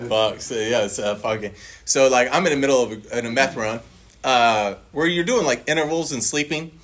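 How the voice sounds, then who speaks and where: At normal speed and in a mid-range voice, a man gives his recovery testimony before a meeting audience. He makes it a swearing, joking story, laughing often and voicing his former self more brightly.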